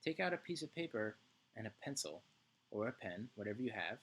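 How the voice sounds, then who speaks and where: Husky-voiced male music teacher. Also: on the low side, big pitch swings, a little fast, fairly bright tone. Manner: upbeat, checks in often with "right?"; chants rhythm syllables aloud. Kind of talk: online music lesson for young children.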